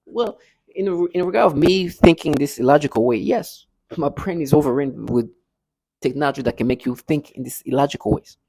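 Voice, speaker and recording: Insistent gravelly man, husky and repetitive. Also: a little high, brisk, mellow, poor audio. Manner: insistent, repeats words and restarts often. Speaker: vlogger addressing his viewers. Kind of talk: casual spoken monologue to camera.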